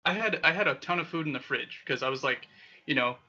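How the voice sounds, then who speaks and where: A young man hosting a podcast, telling wild stories in a casual, profane, animated way with frequent laughter. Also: fairly high pitch, fast talker, crowd noise. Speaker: podcast host. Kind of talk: casual storytelling. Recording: dull lo-fi sound.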